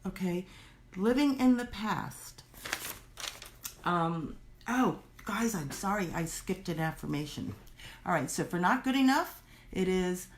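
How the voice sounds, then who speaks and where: A woman teaching a workshop in a chatty, animated way, acting out the worried inner voices of her listeners. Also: on the low side, a little slow, pauses often, a little hiss or hum. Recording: roomy echo.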